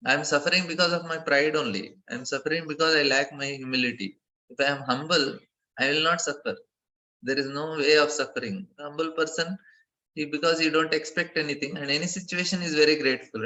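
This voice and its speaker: A man giving a devotional class lecture, earnest, often repeating phrases and laughing softly between points. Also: a little high, low-quality recording. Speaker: speaker giving a scripture class.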